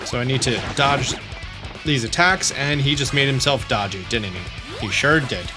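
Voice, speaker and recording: A man's voice: medium pitch, moderate pace, over music. A man giving chatty, upbeat walkthrough commentary at home, often reading game text aloud. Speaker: gaming YouTuber.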